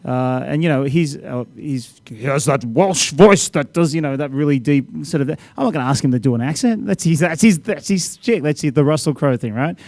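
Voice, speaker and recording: An Australian man, a film director on a discussion panel, talks through his choices in a conversational way. His voice has a gravelly edge. The sound is dry and close. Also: on the high side, moderate pace, hardly any pauses, darkish tone, dry recording. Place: hotel function room.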